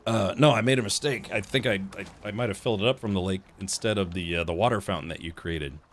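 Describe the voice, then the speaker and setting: A man's voice: lowish voice, fast talker, a little hiss or hum. A man hosting a let's play stream, chatty and easily distracted while he plays. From United States. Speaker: streamer host.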